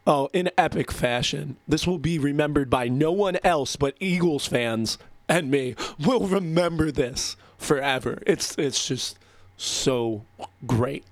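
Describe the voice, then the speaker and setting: A man's voice: a little high, a little slow, no room sound. A man hosting a casual radio show, rambling between songs, gleeful and profane, laughing often.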